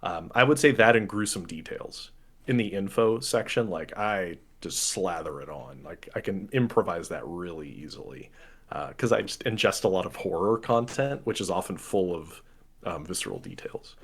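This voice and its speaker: A man and game master chatting on a podcast, animated, self-mocking and quick to laugh. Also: low-pitched, breathy edge. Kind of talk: casual podcast chat.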